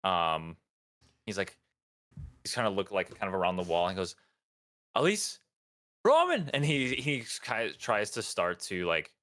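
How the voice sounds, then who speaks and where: A man's voice: deep voice, fairly even intonation, normal speed, sharp tone. A man narrating as dungeon master for a tabletop game, hesitant and full of ums. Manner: hesitant, lots of ums, voices characters in passing.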